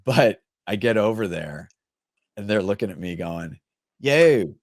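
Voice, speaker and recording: A podcast host from Minnesota, USA, with the accent to match, conducts a casual interview chat in a low voice at a moderate pace. He's chatty and joking, laughing at his own stories, and the studio-quality audio has no room sound.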